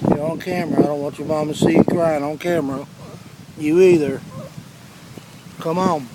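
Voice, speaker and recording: A man's voice: a little high, normal speed, long pauses. Middle-aged man coaxing puppies outdoors, noisy. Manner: coaxing puppies in a lively sing-song, muttering asides. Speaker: dog breeder filming his litter. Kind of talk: casual home video narration. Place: outdoors, rural yard and road. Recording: loud outdoor noise on camera mic.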